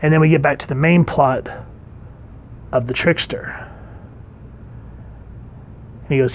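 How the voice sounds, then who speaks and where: A man's voice: a little high, moderate pace, long pauses, a little hiss or hum. Chatty man reviewing comics. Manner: chatty, relaxed, reads comic panels aloud. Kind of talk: casual video review.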